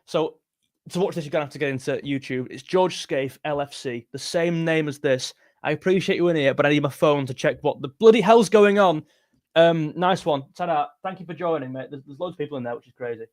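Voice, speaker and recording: A young man hosting a casual fan live stream, excitable and jumpy, talking straight to his chat. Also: on the high side, brisk, no room sound, studio quality. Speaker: football fan channel host.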